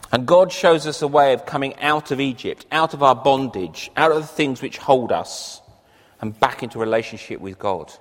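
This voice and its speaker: A man preaching a sermon earnestly, lifting his voice on key phrases. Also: lowish voice. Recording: long reverb of a large hall.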